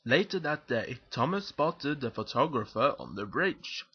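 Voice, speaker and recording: A man narrating a children's picture book aloud in a lively, expressive storytelling manner. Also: mid-range voice, unhurried, husky, highs cut off.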